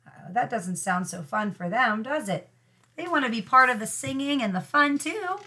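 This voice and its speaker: A woman teacher reading a storybook aloud to young pupils with expressive storytelling. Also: on the high side, moderate pace.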